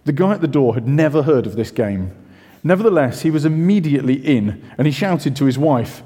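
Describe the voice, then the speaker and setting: A man giving a sermon in a relaxed, conversational way, full of self-questions and chatty asides. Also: mid-range voice, fairly quick. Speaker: preacher. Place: church. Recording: reverberant church hall.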